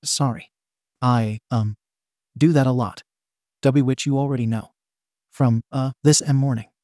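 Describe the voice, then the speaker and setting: A man's voice: medium pitch, fairly even intonation, measured pace, a little mellow, no room sound, clean studio sound, close to an everyday voice. A man voicing a shy, nervous teenage boy who stammers and rambles in a fan-fiction reading. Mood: flustered.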